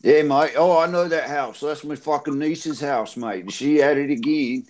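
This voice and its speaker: A man's voice: on the high side, moderate pace, darkish tone, close to an everyday voice. A man putting on the voice of a crude, drunk Australian bogan man with a broad Australian accent. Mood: rowdy.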